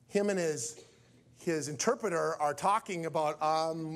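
A male preacher telling a story from the pulpit in an animated way, acting out each character's lines. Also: a little high, measured pace, long pauses. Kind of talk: storytelling sermon.

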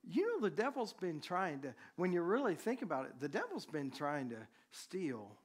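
A man preaching, a pastor telling a personal story to his congregation in a conversational, animated way. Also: high-pitched, normal speed, husky.

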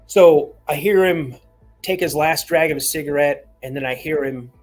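A man's voice: fairly high pitch, normal speed, soft background music. A man calling in to a show, telling a long personal story in a rambling way, repeating words and acting out the voices of people he quotes. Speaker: caller.

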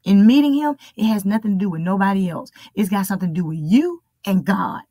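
A woman's voice: mid-range voice, animated, fast, warm tone, no echo. Woman preacher, mid-range voice, emphatic and repetitive sermon delivery, dry close recording.

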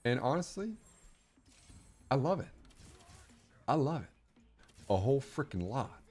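A man giving excited, rambling live commentary over his game stream, breathless and repeating himself. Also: mid-range voice, measured pace, husky, soft background music.

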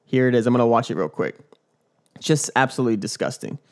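A man's voice: medium pitch, fast talker, very noisy. A young man hosting his own dunk podcast, talking casually in a hyped, joking, swearing bro manner. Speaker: dunk vlogger and podcast host. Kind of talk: casual rambling podcast monologue.

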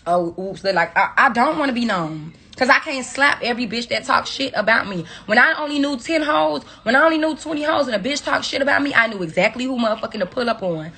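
A woman's voice: fairly high pitch, expressive, quick pace, few pauses, pushed and bright, breathy edge. A woman on a phone livestream, delivering a profane, confrontational scolding rant at her viewers. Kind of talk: angry rant on a social media livestream.

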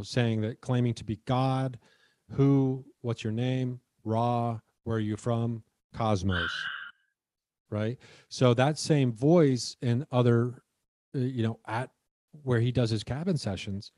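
A man's voice: mid-range voice, dry recording. Laid-back man hosting a podcast. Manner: relaxed, thoughtful, laughs easily. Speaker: podcast host. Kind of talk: casual conversational chat.

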